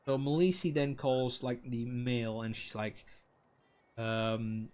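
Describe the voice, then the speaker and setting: A man's voice: medium pitch, fairly even intonation, slow, darkish tone. A man streaming a game, rambling through a story in casual chat with lots of fillers and acted-out quotes. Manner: rambling anecdote with many fillers and voiced quotes. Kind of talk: casual chat while gaming.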